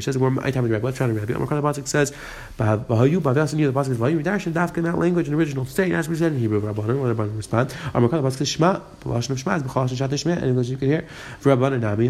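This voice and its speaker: A man teaching a Talmud page, quickly reading the Aramaic and explaining it in English. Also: medium pitch, a little mellow. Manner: rapid, mixing Aramaic and English. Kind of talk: fast daf yomi lesson.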